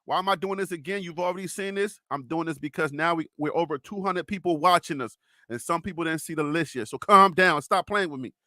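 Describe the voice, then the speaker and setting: A man hosting a live sports stream, teasing chat viewers with loud, playful talk. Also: a little high, brisk, no echo, clean studio sound. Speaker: live sports show host.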